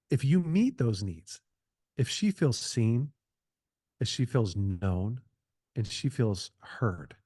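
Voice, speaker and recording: A middle-aged man talks earnestly as a podcast guest, circling back and restarting his phrases as he makes a point. His voice sits at an ordinary pitch. The sound is dry and close, with no room around it. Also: dark tone, no room sound. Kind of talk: conversational advice talk.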